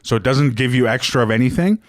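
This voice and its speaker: A man's voice: mid-range voice, quick pace, no room sound, clean studio sound. A man co-hosting a podcast in casual chat, explaining things with frequent ums and uhs. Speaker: podcast co-host.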